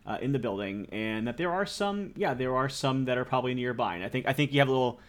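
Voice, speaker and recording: A man's voice: mid-range voice, expressive, fast. Rambling male game master. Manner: rambling, laughs often. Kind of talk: narrating a tabletop game.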